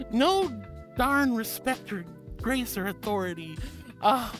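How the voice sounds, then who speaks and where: A woman's voice: a little high, lively intonation, slow pace, over music. A woman streaming as a VTuber host, chatting casually, reading chat aloud and thanking viewers with affectionate pet names.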